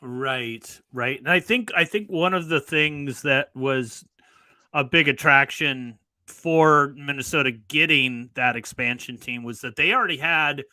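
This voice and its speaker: A man's voice: medium pitch, measured pace, pushed and bright, dry recording, low-quality recording. A man co-hosting a casual football fan show, chatting loosely and restarting his sentences. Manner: rambling, restarts often. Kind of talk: casual banter.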